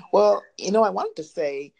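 A woman's voice: medium pitch, gravelly, a little mellow, breathy edge. A woman hosting an interview, upbeat and chatty, laughing often. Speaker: podcast host. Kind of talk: casual interview with a friendly intro.

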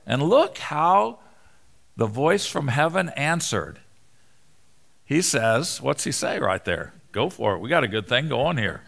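A man preaching a sermon in a church, animated and conversational, joking with the congregation. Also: mid-range voice, unhurried, creaky. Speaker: preacher, Bible teacher.

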